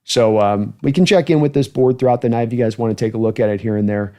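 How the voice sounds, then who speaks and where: A man hosts a football livestream in a loose, chatty way, rambling through his thoughts and thanking viewers as he goes. His voice sits at an ordinary middle pitch, relaxed and conversational. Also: fast. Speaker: host of a football fan channel livestream. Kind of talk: casual livestream commentary.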